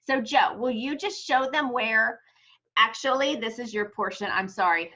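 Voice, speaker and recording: Woman, sales trainer, chatty, higher voice, lo-fi sound. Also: normal speed, bright, forceful tone. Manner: chatty, self-correcting, tells stories of her own practice. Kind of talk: training talk to a sales team.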